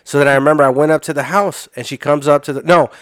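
A man from Illinois telling crude stories in casual chat, animated and blunt. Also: fairly high pitch, dry recording, clean studio sound. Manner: fast, crude, animated storytelling. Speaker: podcast guest storyteller.

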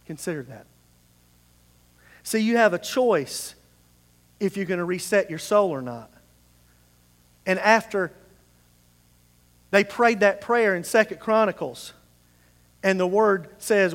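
Slow high-voiced male pastor in echoing hall. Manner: emphatic preaching, swinging between hushed and raised. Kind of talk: sermon. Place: church sanctuary. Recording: long hall reverb in a church.

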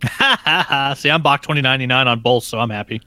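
A man's voice: medium pitch, normal speed, pushed and bright, no echo. A man co-hosting a podcast, teasing and profane in casual chat. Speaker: podcast co-host.

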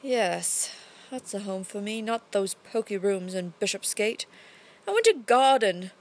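A woman reading a story aloud, voicing a quiet, wistful playwright with a put-on English accent. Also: medium pitch, animated, measured pace, a little hiss or hum. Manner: quiet, gentle and reflective.

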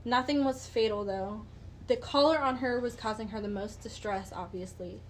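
A woman narrates a true-crime case for her podcast friends in a relaxed, conversational way. Her voice sits a little high. She drops swear words and fillers as she goes. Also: moderate pace, a little hiss or hum, rough recording. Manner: chatty, swears, frequent "like" and "um". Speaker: podcast host. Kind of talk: casual true-crime storytelling.

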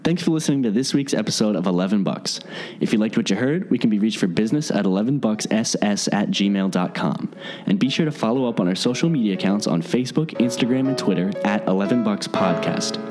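A man's voice: lowish voice, expressive, quick pace, darkish tone, faint music behind. A man co-hosting a casual podcast, blunt and brash, who also reads the show's outro. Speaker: podcast co-host.

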